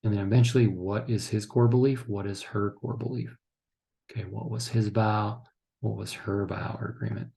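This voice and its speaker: Gravelly low-voiced man teaching counselors. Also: steady tone, moderate pace, dark tone. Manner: instructive, frequent "okay?" check-ins; acts out couples' lines in quotes. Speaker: counseling trainer. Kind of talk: recorded training lecture.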